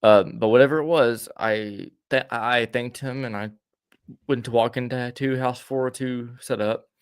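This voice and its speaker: A man's voice: medium pitch, fairly even intonation, normal speed, smooth, dry recording, clean studio sound. A man co-hosting a podcast, telling a rambling story in casual chat, with many stammers and restarts. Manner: rambling, stammering restarts, acts out quoted voices. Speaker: podcast co-host.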